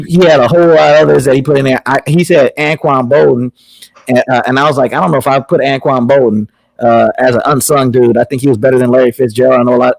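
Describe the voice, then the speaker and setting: A man with a gravelly, creaky voice hosts a casual talk show and rambles through his thoughts with plenty of filler words. The sound is dry and close, with no room around it. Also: mid-range voice, darkish tone, no room sound, poor audio. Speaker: podcast host.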